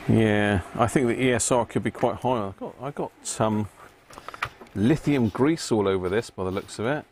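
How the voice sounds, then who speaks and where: A man's voice: on the low side, normal speed, darkish tone, a little hiss or hum. A man hosting a live stream, chatting casually to viewers by name and muttering to himself as he works. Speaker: live-stream host repairing electronics. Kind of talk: casual live-stream chat while working.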